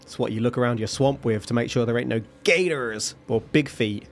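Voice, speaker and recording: A man hosting a podcast, slowly telling a story between jokes and frequent laughter. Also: medium pitch, slight background noise. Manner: slow, laughing, jokey storyteller. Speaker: podcast host.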